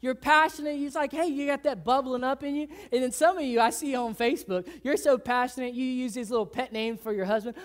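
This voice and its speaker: High-pitched woman preaching with swinging force. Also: fairly even intonation. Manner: swings between loud emphatic lines and hushed low ones; conversational, acts out people in quick asides. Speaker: pastor. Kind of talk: sermon.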